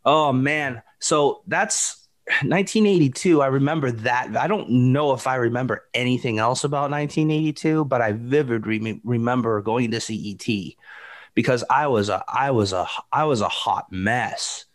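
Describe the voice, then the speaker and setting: A man's voice: mid-range voice, moderate pace. A man in his forties co-hosting a casual chat, telling stories with lots of restarts and calling his friend dude and bro. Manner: rambling, animated storytelling with frequent restarts, calls people dude and bro. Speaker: podcast co-host.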